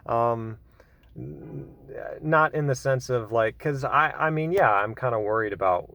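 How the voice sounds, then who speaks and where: A man's voice: mid-range voice, measured pace, gravelly, a bit bright. A man giving a casual solo commentary, rambling with many fillers and self-corrections, with dry, wry asides.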